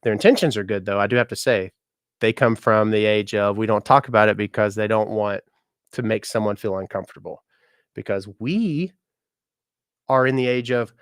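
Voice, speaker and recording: A man's voice: lowish voice, fairly even intonation, normal speed, gravelly, clear, resonant tone, no echo, clean studio sound. A man in his thirties, a musician and content creator, chatting casually on a live stream, joking, laughing and greeting viewers by name. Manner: chatty, jokey, speaks to viewers by name, laughs often, swears.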